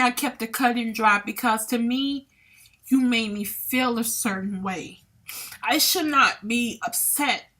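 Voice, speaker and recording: This podcast host, who lives in Columbia, speaks at a medium pitch with a sharp edge. Her personal story comes out chatty and open, now and then turning emotional.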